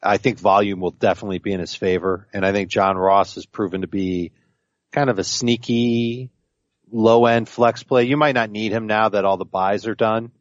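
A man's voice: on the low side, steady tone, normal speed, no echo, lo-fi sound. A man co-hosting a fantasy football podcast, arguing his picks emphatically and confidently in casual chat. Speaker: podcast co-host.

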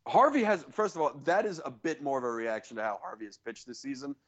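Animated man ranting in casual sports talk. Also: medium pitch, quick pace, highs cut off. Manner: animated, ranting with sarcastic asides. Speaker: podcast co-host.

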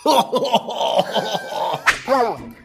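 A man's voice: extremely high pitch, huge pitch swings, drawn-out words, vocal fry, over music. Camp guy cohosting a comedy show, says honey nonstop, cracks up a lot. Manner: campy, keeps repeating "honey", laughs often. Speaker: comedy co-host. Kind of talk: campy comedic banter.

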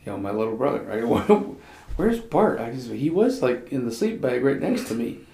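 A man's voice: mid-range voice, very animated, normal speed, gravelly, dark tone. A man in his fifties chatting casually with his wife, telling a long camping story with fillers and laughs. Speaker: podcast co-host, husband. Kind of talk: casual conversation. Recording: echoey room.

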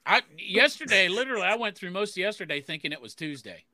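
A man's voice: high-pitched, expressive, fast talker, sharp tone, a little hiss or hum. A man co-hosting a podcast, telling rowdy, profane stories in casual chat. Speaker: podcast co-host.

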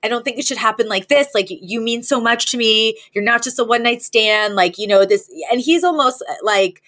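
A woman's voice: on the high side, a little fast. Chatty woman recapping a sitcom. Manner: animated retelling, acting out lines in shifting voices. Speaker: podcast co-host. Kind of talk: casual recap chat.

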